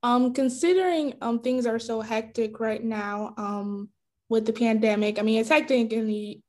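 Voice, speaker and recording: A woman's voice: on the high side, fairly even intonation, moderate pace, a little mellow. A woman hosting a podcast interview, friendly and polite, asking questions with a few ums. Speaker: podcast host.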